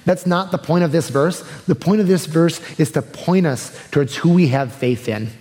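A man preaching a sermon in a relaxed, chatty way that often softens into quiet earnestness. His voice sits a little higher than most men's. It rings out with a long reverb through a church sanctuary. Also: normal speed. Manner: casual, conversational preaching that shifts to soft and earnest. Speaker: pastor.

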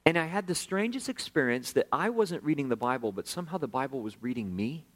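A man preaching a sermon, telling his own story in a conversational, self-deprecating way, swinging from hushed, slow moments to animated bursts. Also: medium pitch. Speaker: pastor.

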